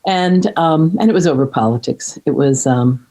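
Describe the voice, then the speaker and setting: A middle-aged woman talks in an earnest, halting way, stopping and restarting as she searches for the words. Her voice is dark and mellow with a slightly husky edge. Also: low-pitched, rough recording. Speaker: podcast guest. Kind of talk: reflective conversation.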